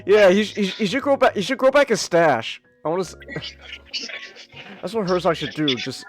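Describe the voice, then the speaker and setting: A man's voice: high voice, big pitch swings, moderate pace, pauses often, faint music behind. A man hosting a casual live podcast stream, laughing often and teasing his co-hosts. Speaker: podcast host.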